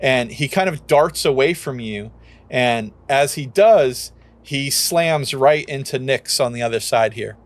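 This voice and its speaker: A young man running a tabletop game as game master, narrating casually with laughs and acting out quick lines for the characters. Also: medium pitch, expressive.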